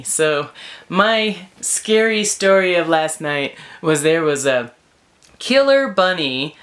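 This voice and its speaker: A woman vlogger telling a story in a casual, animated way from inside her tent in the woods, filling her talk with "like" and "you know". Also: deep voice. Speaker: wilderness vlogger.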